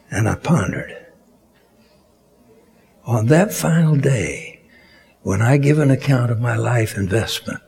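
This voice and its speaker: A man preaching a sermon slowly and deliberately, rising to emphatic peaks on key words. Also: medium pitch, creaky, a little mellow, husky.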